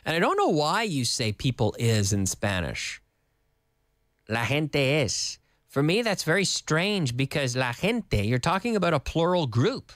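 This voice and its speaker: A male teacher with a fairly high voice that leaps around all over the place. He explains grammar in a playful, joking way. The sound is dry and close, with no room echo. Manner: animated, playful, switches between English and Spanish. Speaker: English teacher. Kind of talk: lively TV English lesson.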